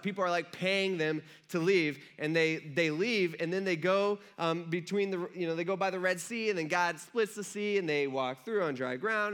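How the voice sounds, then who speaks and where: A man preaching a casual, conversational sermon, often asking his listeners questions. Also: high-pitched. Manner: conversational, animated, asks the crowd questions. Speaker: pastor.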